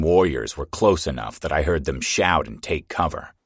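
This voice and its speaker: A man narrating a first-person science fiction audiobook in a steady, terse way. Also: a bass voice, normal speed, slightly rough, no echo, clean studio sound.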